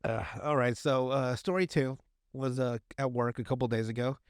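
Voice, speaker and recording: A man's voice: medium pitch, steady tone, moderate pace, clear, resonant tone, no echo, clean studio sound. A man hosting a podcast, telling a story in casual, crude chat full of fillers and restarts. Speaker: podcast host.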